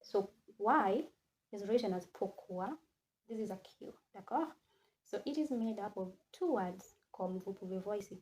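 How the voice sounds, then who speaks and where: A woman teaching French in a classroom, slowly repeating each word again and again and switching between English and French. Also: mid-range voice, a little mellow. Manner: slow, repeats words many times, mixes English and French. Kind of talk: classroom lesson.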